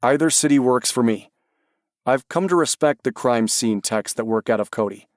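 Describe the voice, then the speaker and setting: A male narrator voicing a helpful official with years in government, who speaks briskly and reassuringly. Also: medium pitch, dry recording, clean studio sound, natural voice.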